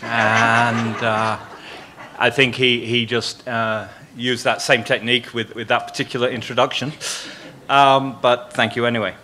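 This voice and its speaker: Older Yorkshire man, flat bright voice. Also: mid-range voice. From Yorkshire, England. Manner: halting, repeats words. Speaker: guest speaker. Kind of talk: welcoming remarks at an event.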